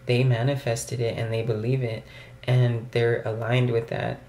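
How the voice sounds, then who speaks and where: A man's voice: mid-range voice, flat delivery, measured pace, darkish tone, a little hiss or hum. A young man talking casually to his camera at home as a vlogger, rambling with lots of fillers. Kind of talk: casual vlog talk to camera. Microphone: camera mic. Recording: roomy camera audio.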